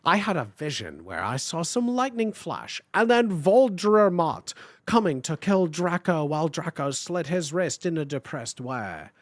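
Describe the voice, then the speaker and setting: A streamer giving a comedic dramatic reading of fan fiction, breaking off into animated, swearing asides. The voice swings widely in pitch, the pace is unhurried, and the sound is dry and close to the mic. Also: no room sound. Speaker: streamer host.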